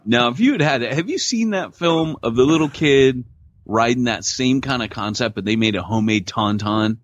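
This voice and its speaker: A man's voice: medium pitch, expressive, normal speed, dry recording. A man co-hosting a podcast, telling stories in casual chat with laid-back slang over a remote call mic. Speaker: podcast co-host. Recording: dull lo-fi dry audio.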